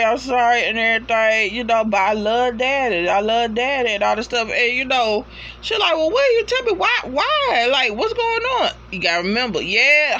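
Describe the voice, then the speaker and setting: A woman's voice: a little high, a little hiss or hum. A woman giving a casual, slangy, profane recap of a TV episode, acting out the characters' reactions as she tells it. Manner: animated storyteller, slangy and profane, acts out reactions. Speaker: TV episode reviewer.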